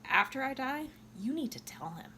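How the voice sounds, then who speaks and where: A woman's voice: sits high, big pitch swings, moderate pace, pushed and bright, a little hiss or hum, voice pushed up, heavily acted. A tipsy woman voicing a dying young woman, weary and breezy about her fate. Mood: resigned. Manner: breezy and offhand about death.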